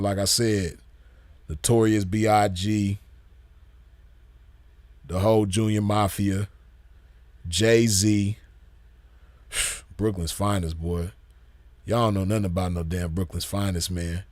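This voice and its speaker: A man hosting a gaming channel, chatting casually in an excited, slangy, profane way and repeating himself often. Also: lowish voice, slow, pauses often, no echo. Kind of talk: casual chat.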